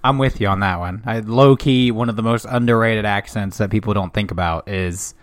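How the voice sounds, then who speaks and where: A young man co-hosting a podcast, chatting casually and acting out quoted characters in an animated way. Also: on the low side, brisk. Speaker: podcast co-host. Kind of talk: casual chat.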